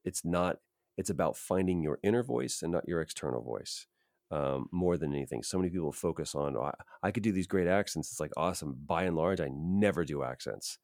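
A man's voice: very deep voice, animated, fairly quick, vocal fry, darkish tone, dry recording, studio quality. A man, a voice actor and podcast guest, talking earnestly and reflectively as he gives advice. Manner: earnest, emphatic, advice-giving. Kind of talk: reflective interview talk.

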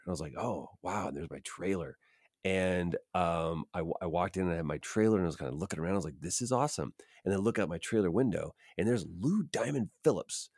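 A man's voice: low-pitched, a little mellow, dry recording, studio quality. A man, an actor, casually telling a self-deprecating story full of fillers and restarts. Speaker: actor guest.

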